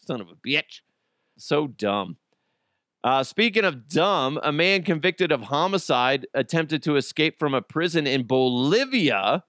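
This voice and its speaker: A man's voice: a little high, animated, unhurried, fairly bright tone, no echo, clean studio sound. A man hosting a comedy podcast, ranting crudely and mocking people while laughing at his own jokes. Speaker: podcast host.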